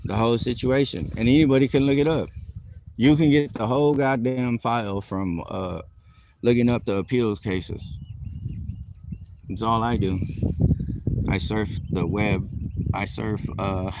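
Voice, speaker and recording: A man's voice: on the low side, a little slow, long pauses, background noise. A man telling a heated, profane, rambling story during a live stream rant, recorded on a phone outdoors on a city street. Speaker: livestreamer.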